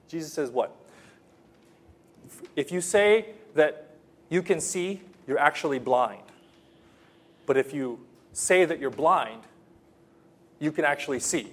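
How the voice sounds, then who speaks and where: A man preaching a sermon with passion, repeating phrases for emphasis and moving between soft, quiet lines and loud, rising ones. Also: on the high side, breathy edge. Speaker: pastor.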